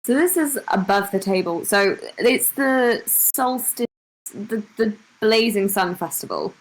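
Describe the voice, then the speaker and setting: A woman's voice: mid-range voice, animated, unhurried, low-quality recording. Hesitant woman player. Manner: hesitant, thinking aloud with fillers. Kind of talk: casual chat at a game table.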